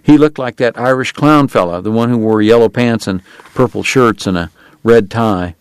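A man reading a novel aloud as narrator, in measured scripted storytelling. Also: medium pitch, clear, resonant tone, no room sound. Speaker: audiobook narrator.

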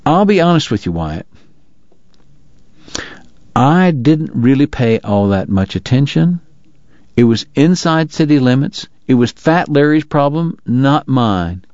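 A man's voice: mid-range voice, sing-song, a little slow, long pauses, a little mellow, no room sound, muffled recording, pitched above the performer's own voice. A man voicing a defensive, exasperated young male frontier sheriff. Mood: sheepish.

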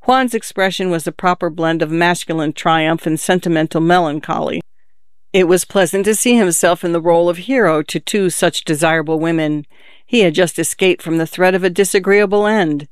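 Male audiobook narrator: high, crisp, dry studio read. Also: moderate pace, no room sound. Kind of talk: scripted narration.

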